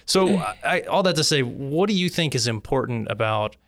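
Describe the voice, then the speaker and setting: A man's voice: medium pitch, expressive, moderate pace, a bit bright, dry recording. A man hosting a podcast, asking friendly, curious questions in casual conversation. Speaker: podcast host.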